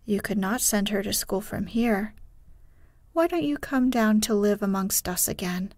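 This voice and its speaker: A kindly old village pastor pleads gently and earnestly, as a woman reads him in a bedtime story. His words come slowly and softly, with a close, dry sound. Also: medium pitch, animated, no room sound, lightly acted.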